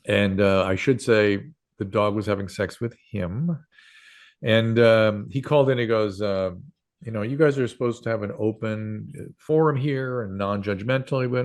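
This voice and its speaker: A man's voice: lowish voice, moderate pace. An older man in his sixties, a doctor and radio host, telling stories as an interview guest in a rambling way, with many fillers and restarts. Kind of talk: casual interview storytelling.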